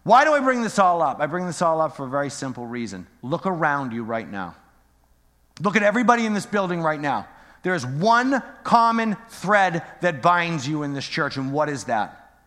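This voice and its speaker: A middle-aged pastor preaches in an echoey church hall, his voice fairly high and bright with big swings in pitch at a moderate pace. His sermon is casual and conversational, full of jokes and rhetorical questions aimed at the congregation.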